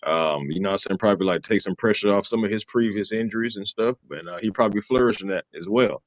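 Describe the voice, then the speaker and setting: A man co-hosting a casual sports talk show who lays out his views steadily and backs others up with quick affirmations. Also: lowish voice, no room sound. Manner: steady, lists players, frequent affirmations. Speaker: sports podcast co-host.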